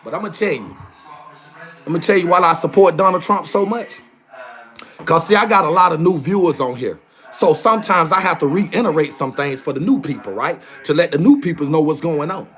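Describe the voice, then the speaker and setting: A man holding forth on a livestream, his voice pitched high and swinging all over. He talks in a heated, emphatic way and drives each point home by repeating it. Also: a bit bright. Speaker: live streamer. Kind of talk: casual livestream rant.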